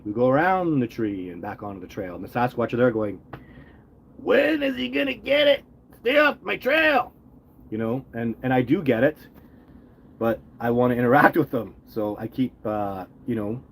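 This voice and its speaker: Middle-aged guy rambling thru chat questions on a phone livestream, lowish voice, bit of hiss behind. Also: darkish tone. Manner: rambling, earnest, many restarts. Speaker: livestream host answering chat. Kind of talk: casual live chat. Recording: faint background noise.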